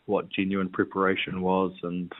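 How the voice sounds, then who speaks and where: A man, a retired rugby player talking as a guest in a laid-back, halting way. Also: sits low, monotone. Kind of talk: casual interview chat. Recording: tinny phone-like line.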